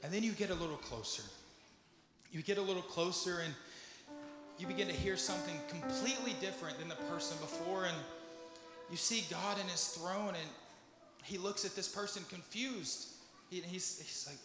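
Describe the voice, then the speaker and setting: A man preaching a sermon, moving from soft, low musing to loud, pleading questions. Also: moderate pace. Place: church sanctuary. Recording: echoey church hall with music behind. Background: instrumental music.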